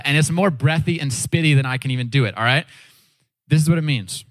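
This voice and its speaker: Animated man preaching a sermon. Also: mid-range voice, very fast, dry recording. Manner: animated storytelling, acting out quoted voices; casual, with frequent "like" and "all right". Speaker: pastor.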